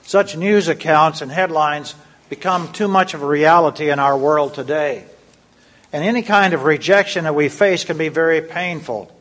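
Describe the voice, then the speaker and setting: A man reading a scripted Lenten devotion in a measured, solemn way. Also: a little high. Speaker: devotion reader.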